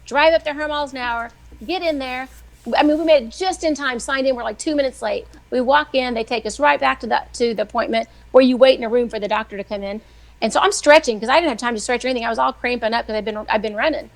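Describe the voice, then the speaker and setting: A middle-aged woman, a weekly guest who writes devotionals, telling faith stories in a chatty, animated way. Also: sits high, fast talker, gravelly. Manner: chatty, animated, acts out quoted voices. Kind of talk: casual faith storytelling on a live show.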